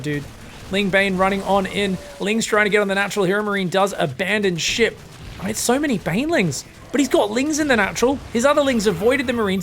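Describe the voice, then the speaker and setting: A young man casting a strategy game match alone, excitable and crude, swearing freely and joking between plays. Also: high voice, a little hiss or hum. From Australia. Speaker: esports caster. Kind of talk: solo game commentary.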